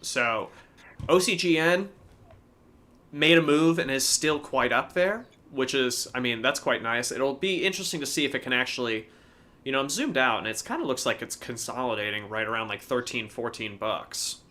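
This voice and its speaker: A man co-hosting a casual livestream, telling a story in an animated way and swearing freely. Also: mid-range voice, normal speed. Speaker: co-host.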